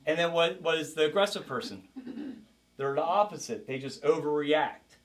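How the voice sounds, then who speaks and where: A man's voice: fairly high pitch, moderate pace. A man teaching a self-defense class as karate instructor, coaching a group with energy and calling out drills. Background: group of participants.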